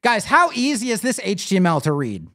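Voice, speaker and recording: A high-voiced man speaks fairly quickly during a live screen-share tutorial. He clicks through a site builder on his web design stream, explaining casually and with animation while addressing viewers.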